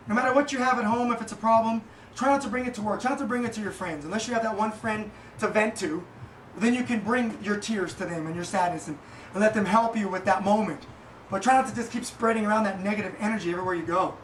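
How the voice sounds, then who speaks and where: A man giving a casual motivational monologue as a podcast host, rambling and halting with many fillers. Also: high voice, a bit bright. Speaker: podcast host and small business owner. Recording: echoey room, distant mic, faint noise.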